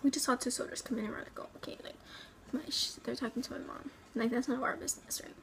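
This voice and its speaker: A woman from the Rio Grande Valley in Texas, telling a personal story at home in a halting, rambling way, full of ums and likes, sometimes dropping to a near whisper. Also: a little high, fairly even intonation, creaky, rough recording. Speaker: vlogger.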